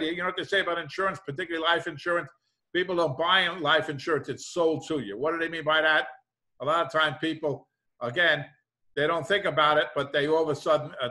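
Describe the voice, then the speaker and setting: A man's voice: fairly high pitch, pushed and bright. A middle-aged man, a business professor, lecturing casually over a video call with everyday examples and the habit of tagging "thing like that". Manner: conversational, repeats "thing like that", worked examples.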